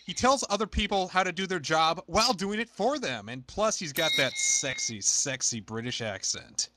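A man's voice: a little high, noisy background. A man on a comedy podcast panel, teasing and building up running gags. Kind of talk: comedic segment.

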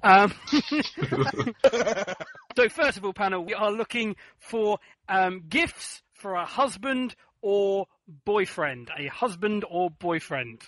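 A man's voice: high-pitched, expressive, slow pace, fairly bright tone, poor audio. A man hosting a comedic panel quiz show, joking and teasing the panelists as he runs the rounds. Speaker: quiz host.

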